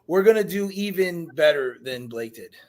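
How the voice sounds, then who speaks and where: A man's voice: on the high side, expressive, normal speed, darkish tone. Rambling man hosting a live chat. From Chicago. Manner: rambling, many fillers, joking. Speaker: host. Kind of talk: casual live show chat.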